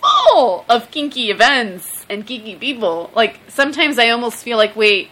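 A woman's voice: on the high side, huge pitch swings, moderate pace, sharp tone, rough recording. A woman co-hosting a podcast in casual chat, blunt and frank, often laughing. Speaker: podcast co-host.

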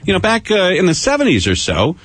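Animated radio host telling stories. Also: male voice, high voice, fast talker, husky, no echo. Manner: animated storyteller, acts out quoted voices. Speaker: radio talk show host. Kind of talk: casual storytelling chat. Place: radio studio. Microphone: studio mic.

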